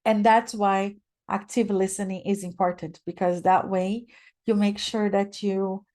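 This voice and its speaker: A woman's voice: mid-range voice, fairly even intonation, a little slow, a little mellow. A woman who is not a native English speaker, giving a webinar talk as guest speaker and often checking in with the listener. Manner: explanatory, checks in with "right?". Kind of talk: webinar presentation.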